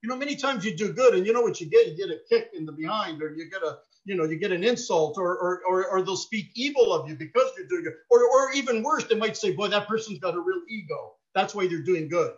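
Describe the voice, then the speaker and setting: A middle-aged man preaches with a notably high voice. He tells personal stories in a heartfelt way, dropping soft and then rising to emphasis. The recording sounds dull and lo-fi. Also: expressive, fast talker, few pauses. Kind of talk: sermon.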